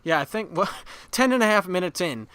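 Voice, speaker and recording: A Boston man with a bright, forward voice chats crudely and laughs at himself as he co-hosts a podcast. His talk rambles and jokes along in a relaxed back-and-forth, recorded in a basement room. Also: high-pitched, brisk, clean tone, no room sound. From Boston area. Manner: crude, self-mocking, laughs often. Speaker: podcast co-host. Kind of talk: casual chat.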